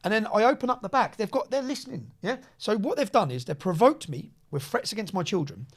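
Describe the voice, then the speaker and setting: A man, a podcast guest telling a long story in a casual, animated way, often checking in with "yeah?" and "bruv". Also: high-pitched, fast, breathy edge. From England.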